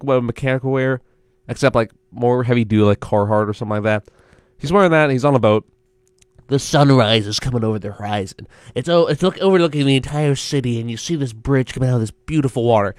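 A man's voice: medium pitch, no echo. A young man hosting a college radio show, rambling and correcting himself as he thinks aloud in a casual solo chat.

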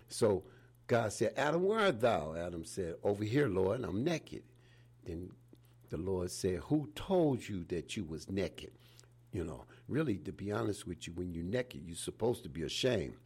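A man's voice: deep voice, gravelly, a little mellow, husky. A man in his seventies preaching an informal sermon in a folksy way, often repeating "praise the Lord" between phrases. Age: 70s.

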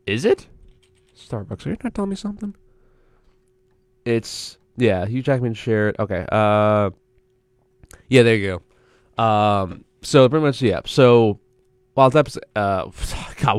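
A man's voice: fairly low pitch, measured pace, long pauses, no room sound. A young man hosting a college radio show, chatting alone in a rambling, self-interrupting way into a studio mic. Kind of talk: casual solo radio chat.

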